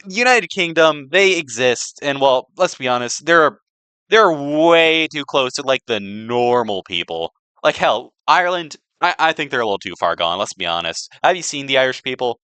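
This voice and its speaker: A young man with a bright, crisp voice rambles through a joke slideshow, loading his talk with fillers and sarcastic asides. His pitch jumps around a lot. He is recorded close up on a dry mic. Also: no room sound. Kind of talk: rambling comedic presentation.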